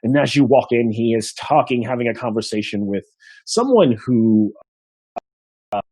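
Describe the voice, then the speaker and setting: A man's voice: medium pitch, animated, moderate pace, mellow, slightly rough, no echo. A man narrating as game master of a tabletop game, rambling with many restarts.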